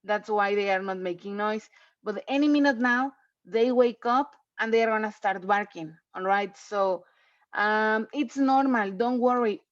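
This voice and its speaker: A woman's voice: a little high, no room sound. A woman English teacher explaining rules to her class in an online lecture, chatty and repetitive, often checking in with "okay?". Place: home. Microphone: computer mic on video call. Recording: dull, lo-fi video call audio.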